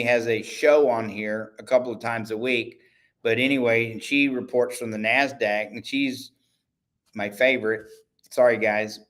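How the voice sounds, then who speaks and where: A man's voice: medium pitch, a bit bright. Chatty, rambling male livestream host. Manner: rambling, self-correcting, chatty salesman. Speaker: host and network owner. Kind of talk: casual livestream talk.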